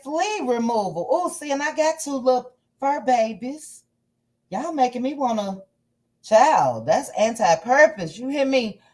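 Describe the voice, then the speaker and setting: Female livestream host, playful and animated, with a lively pitch that swoops up and down. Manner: animated, playful, drawn-out exclamations. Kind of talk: casual livestream chat reading viewer comments.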